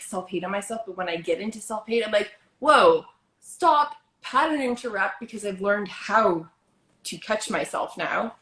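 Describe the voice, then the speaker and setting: With a medium-pitched voice and vocal fry, a woman hosts a casual chat, keeping things chatty and upbeat while leaning heavily on "like." Roomy echo colors the recording.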